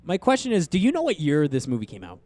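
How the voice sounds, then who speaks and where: A young man co-hosting a casual movie review podcast, animated and swearing freely as he mocks scenes. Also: on the high side, quick pace. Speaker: podcast co-host.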